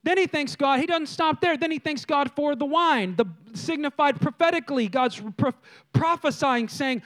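A man with a strikingly high voice preaches to his congregation. He tells stories in a lively way and talks straight to the people in front of him. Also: moderate pace. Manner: lively storytelling preacher, addresses the congregation directly. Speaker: pastor. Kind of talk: sermon. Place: church.

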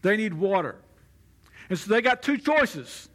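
High, bright-voiced male preacher. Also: sing-song, unhurried. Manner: preaching conversationally, acting out quoted voices. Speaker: pastor. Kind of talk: sermon.

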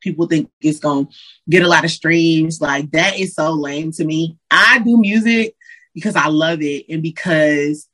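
Woman, from Detroit, hip hop artist, interview guest, casual and animated, slangy, husky breathy voice. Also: deep voice, measured pace, poor audio. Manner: animated, slangy, acts out quotes of friends.

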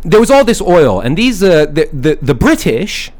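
Man, comedy podcast host, mock-grandiose rambling rant, profane, slightly high voice, very lively pitch. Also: moderate pace. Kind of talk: improvised comedic rant in character. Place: studio at night in a big city.

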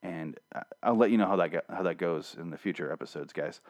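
A man's voice: low voice, quick pace, darkish tone. A young man hosting a casual solo review podcast, talking sarcastically and swearing freely as he mocks an episode.

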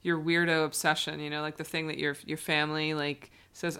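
A low-pitched woman with a bright, forceful voice, co-hosting a podcast. She talks in a chatty, playful way and throws in lively asides. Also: fairly quick, a little hiss or hum. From North Carolina. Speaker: podcast co-host. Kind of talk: casual chat.

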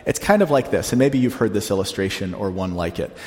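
Guy pastor giving a sermon, talks like a chat but slows way down on the big lines, long hall echo. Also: lowish voice, animated, a little mellow. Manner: conversational preaching, slows down to stress quotes.

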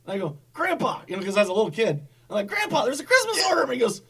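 A man in casual chat, swearing freely as he tells animated stories. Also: extremely high pitch, very fast, slightly rough. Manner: profane, animated storyteller. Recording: voice distant from the mic.

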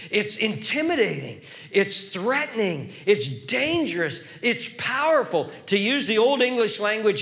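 Man, preacher, sermon, high-pitched, bright forceful tone. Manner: dramatic, repetitive emphasis, dropping to hushed whispers.

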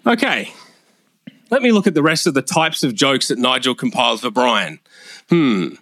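A man's voice: mid-range voice, lively intonation, moderate pace, a bit bright, no room sound, studio quality. A man roasting the hosts in a comedy roast, with a brash, crude, mocking delivery.

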